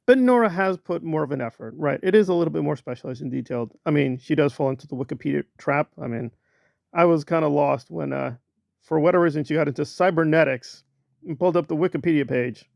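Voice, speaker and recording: A man delivers sarcastic, mocking commentary, stretching out words for comic emphasis. His voice is gravelly and sits a little high. The recording is dry and close. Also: fast, a little mellow, no room sound. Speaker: commentary channel host.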